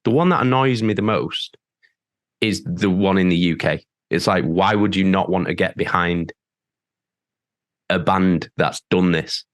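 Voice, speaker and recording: A man's voice: deep voice, a little slow, dry recording, clean studio sound. A man with a northern English accent, a band member talking as a podcast guest in blunt, sweary, fired-up rants. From England. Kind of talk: podcast interview.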